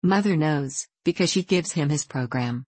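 A woman's voice: low voice, moderate pace, slightly rough, dry recording. A woman voicing a frightened young ballet girl. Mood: hushed, fearful. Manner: hushed, anxious storytelling.

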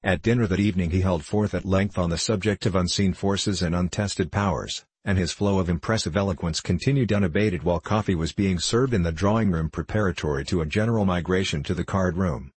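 A man narrating a story in a measured, even way. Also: low-pitched, breathy edge. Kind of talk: scripted audiobook narration.

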